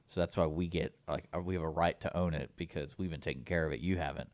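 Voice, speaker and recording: A man co-hosting a radio talk show in casual chat, animated and acting out imagined exchanges. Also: extremely low pitch, fast, no echo. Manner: animated, acts out imagined dialogue.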